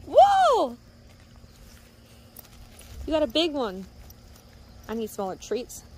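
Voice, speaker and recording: A woman's voice: on the high side, lively intonation, normal speed, darkish tone, a little hiss or hum. A woman casually coaching her pet fox through tricks, coaxing and laughing as she goes. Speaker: pet owner. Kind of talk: casual pet training commentary.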